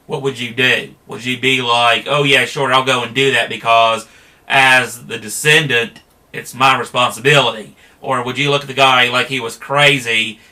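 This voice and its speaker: A man's voice: medium pitch, bright, forceful tone. A man talking in a casual, rambling monologue, plain-spoken, with frequent fillers and restarts.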